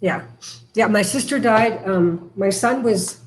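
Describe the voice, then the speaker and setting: A middle-aged woman from Canada speaking frankly and haltingly as a podcast guest about her past. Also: medium pitch, poor audio. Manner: frank, halting, emotional at times. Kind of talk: candid recovery interview.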